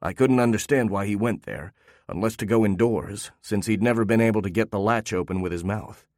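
A man with a low voice reads a first-person story aloud at an even, steady pace. The recording is dry and close, with no room sound. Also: fairly quick, dry recording. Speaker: narrator. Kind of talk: first-person audiobook narration.

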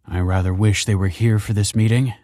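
A man's voice: on the low side, fairly even intonation, fairly quick, dark tone, no echo, clean studio sound, close to an everyday voice. A man playing a prim, stern headmistress. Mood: stern, formal. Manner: formal, officious. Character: stern, prim woman school principal.

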